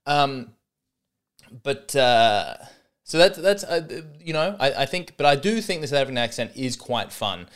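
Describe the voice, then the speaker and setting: A man's voice: medium pitch, big pitch swings, unhurried. An Australian man hosting a comedy podcast, talking in a rambling, sarcastic, self-mocking monologue.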